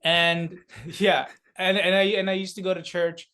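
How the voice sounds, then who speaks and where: A man's voice: high-pitched, measured pace, smooth. A young man from South Korea, chatting as a guest on a comedy podcast, telling stories with lots of fillers and laughs. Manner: laughing, animated storyteller with many fillers. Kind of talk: casual podcast chat.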